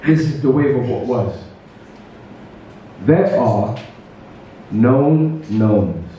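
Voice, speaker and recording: A man performs spoken word poetry in a slow, measured rhythm, dropping into casual asides between pieces. His tone is mellow and dark, and he sounds distant, as if picked up from across an echoey room. The sound is muffled and dull. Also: mid-range voice, expressive, a little hiss or hum. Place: open mic event venue.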